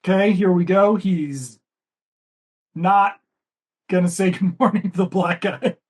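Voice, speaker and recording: A man's voice: high voice, measured pace, slightly rough. A man co-hosting a casual movie commentary, rambling and chatty, swearing offhandedly. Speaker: podcast co-host.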